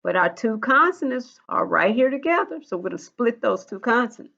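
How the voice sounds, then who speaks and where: A woman teaching a recorded phonics lesson to first graders, slow and patient, repeating each rule in a drill. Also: on the high side, sing-song, vocal fry, pushed and bright, muffled recording.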